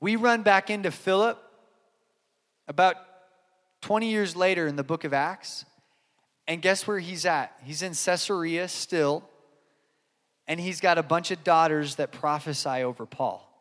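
A man's voice: a little high, a little slow, pauses often, fairly bright tone, big-room sound. A man preaching a sermon, earnest and emphatic, repeating key lines and telling stories. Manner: earnest, emphatic repetition, storytelling. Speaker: pastor.

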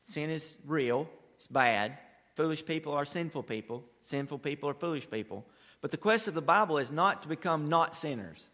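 A male pastor preaching a sermon, emphatic and animated, swinging from loud rising bursts to quiet asides. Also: fairly high pitch, moderate pace. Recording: long hall reverb.

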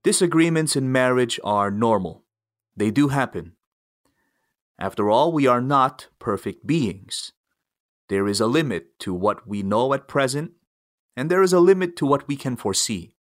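A male minister giving calm pastoral guidance, speaking in a measured way. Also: mid-range voice, no room sound, studio quality. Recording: soft music underneath.

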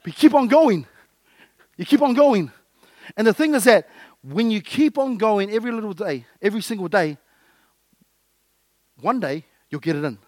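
High-voiced lively male preacher, dry sound. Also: normal speed, pauses often, no echo. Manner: lively, jokey, acts out little scenes. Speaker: pastor. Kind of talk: sermon.

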